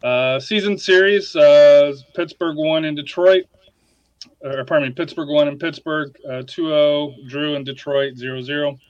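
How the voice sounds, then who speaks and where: A man's voice: fairly high pitch, clear, resonant tone, dry recording, muffled recording. A man hosting a casual sports podcast, reading through stats with lots of "uh" fillers. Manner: reads off stats with many fillers. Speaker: podcast host.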